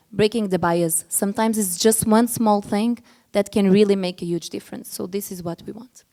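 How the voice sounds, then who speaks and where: Panel speaker, woman, middle-aged, earnest, mid pitch, frequent restarts. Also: darkish tone. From Portugal. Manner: earnest, restarts often, gets emotional. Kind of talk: panel discussion.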